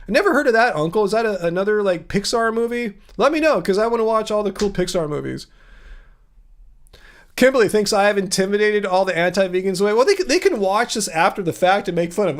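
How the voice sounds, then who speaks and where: A man's voice: sits high, lively intonation, fast talker. A man hosting a casual livestream, answering viewer comments in a chatty, earnest way, thinking aloud with frequent restarts. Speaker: livestream host.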